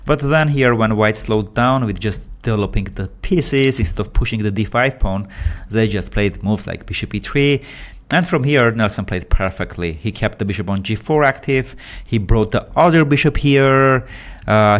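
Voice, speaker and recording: A man with phrasing giving excitable, animated live commentary on a chess game. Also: lowish voice, moderate pace. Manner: animated, excitable, with non-native English phrasing.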